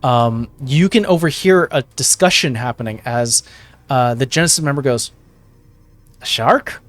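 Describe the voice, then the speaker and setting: A man's voice: medium pitch, moderate pace, dry recording. Man narrating a tabletop game scene. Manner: descriptive, with many fillers and self-corrections. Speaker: game master.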